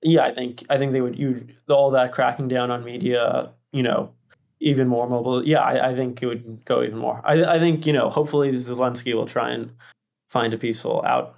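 A man's voice: mid-range voice, steady tone, brisk, vocal fry, a little mellow. A man hosting a casual podcast debate, pushing back skeptically with many hesitant restarts. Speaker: podcast host.

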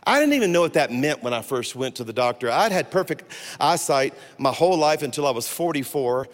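Animated man in his sixties preaching. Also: a little high, fairly quick. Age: 60s. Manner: animated storytelling with humor. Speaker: guest pastor. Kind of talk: sermon. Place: church sanctuary. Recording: long hall reverb.

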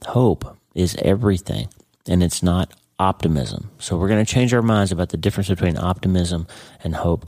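A man with a low voice talks earnestly into the mic as a podcast host, leaning on his words and circling back to repeat them. The sound is dry and close, with no room around it. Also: dark tone, no room sound. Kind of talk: casual spoken monologue.

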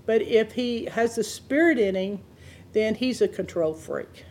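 A woman preaching a sermon, telling a story with lively swings in pitch and loudness and laughing at her own anecdotes. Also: measured pace.

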